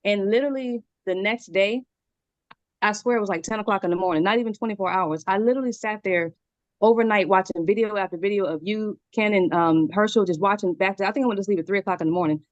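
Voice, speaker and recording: A woman in her forties speaking very fast and excitedly on a video call from her room at home, a little out of breath and laughing often. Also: mid-range voice, no echo, dull audio. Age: 40s. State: slightly out of breath. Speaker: community member sharing a testimonial. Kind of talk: casual call testimony.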